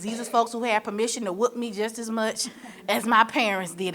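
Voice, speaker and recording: A woman's voice: medium pitch, fairly bright tone. A woman from Michigan moderating a forum, speaking in a preacher-like way with rhetorical questions and playful storytelling asides. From Michigan, USA. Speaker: panel moderator. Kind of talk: motivational forum speech.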